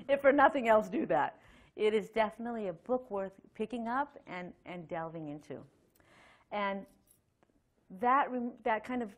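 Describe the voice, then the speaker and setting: A middle-aged woman giving a Sunday temple lecture, talking conversationally with many fillers and reading a long letter aloud. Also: medium pitch. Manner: conversational, chatty with frequent fillers and light laughs; reads a letter aloud at length. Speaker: temple speaker.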